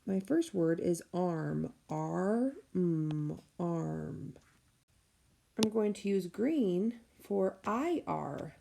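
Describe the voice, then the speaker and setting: Woman, teacher, phonics lesson for kids, very slow, gravelly, sounds out letters. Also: on the low side, lively intonation, dark tone, a little hiss or hum. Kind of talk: recorded phonics lesson for children. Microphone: tablet microphone.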